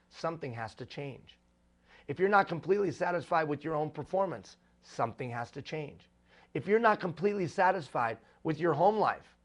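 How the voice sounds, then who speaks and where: Speaking with a fairly high pitch, a man motivates an audience of executive leaders in a live talk, driving points home emphatically and returning to repeated refrains for rhetorical impact.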